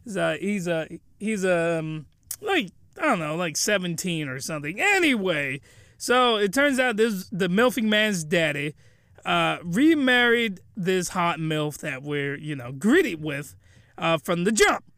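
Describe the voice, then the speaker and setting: A young man hosting a comedic review, rambling and excitable, with loud bursts of ranting. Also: sits high, a little slow, dry recording, studio quality. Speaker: host.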